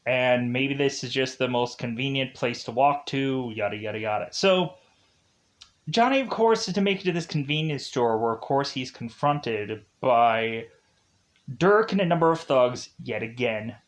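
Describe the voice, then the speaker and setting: Guy rambling thru a movie recap, laughs a lot, says like all the time, normal pitch. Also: expressive, moderate pace. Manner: rambling, laughs often, frequent filler words. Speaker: film reviewer. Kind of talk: casual spoken film recap.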